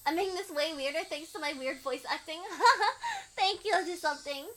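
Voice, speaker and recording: Brief: high, bright-voiced woman streamer, giggly, apologetic casual chat. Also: brisk, a little hiss or hum.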